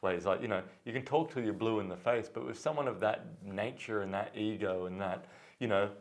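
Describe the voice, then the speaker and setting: A man hosting a podcast, telling anecdotes in a casual, animated way with many restarts. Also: on the low side, fairly quick. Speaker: podcast host. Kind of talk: casual chat, storytelling.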